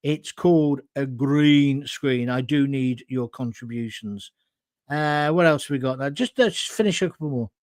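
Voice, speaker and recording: A man's voice: medium pitch, measured pace, darkish tone, no room sound. A man hosting a live talk show, reading out viewer comments in a blunt, combative, rambling way from a green screen studio.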